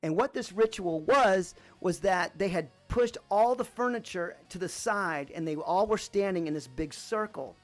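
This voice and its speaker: A man from Arizona hosting a podcast, telling a personal story in a relaxed, rambling way with lots of fillers. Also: sits high, normal speed, hardly any pauses, faint music behind. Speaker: podcast host.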